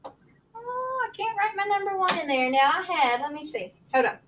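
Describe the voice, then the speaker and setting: A woman with an extremely high-pitched voice talks at a moderate pace, with background noise in the clip. She is a kindergarten teacher on a video call, cheerfully sing-songing her way through the morning meeting and coaxing the kids along.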